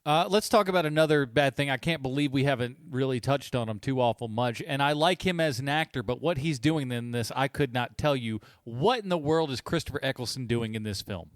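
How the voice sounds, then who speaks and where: A man's voice: mid-range voice, a little fast, hardly any pauses, no room sound, studio quality. A man co-hosting a casual movie podcast, joking and slipping into mocking voices. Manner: animated, mocking voices in quotes. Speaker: podcast co-host.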